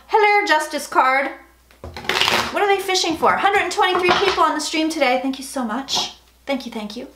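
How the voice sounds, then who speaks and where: A young woman hosting a casual tarot livestream, chatty and frank, swearing and reading viewer comments aloud. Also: sits high. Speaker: psychic livestream host. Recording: echoey room, faint noise.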